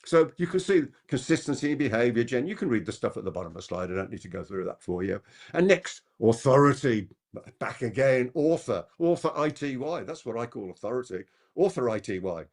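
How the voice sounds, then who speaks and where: Animated, fast-talking male trainer. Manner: quick-talking, asks the audience rhetorical questions; animated, with big pitch swings. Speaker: persuasion trainer. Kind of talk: live masterclass lecture.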